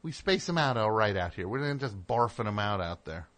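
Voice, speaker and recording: A man's voice: fairly low pitch, animated, a little fast, a bit bright. A middle-aged man hosting a radio show, talking in a digressive, self-interrupting monologue with sarcastic asides. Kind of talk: rambling on-air monologue.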